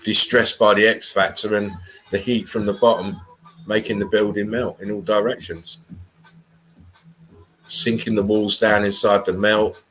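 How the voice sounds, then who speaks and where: Low-voiced blunt English man rambling. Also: level tone, a little slow, long pauses, fairly bright tone, soft background music, rough recording. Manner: casual, swearing, blunt. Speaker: livestream host. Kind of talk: rambling live commentary.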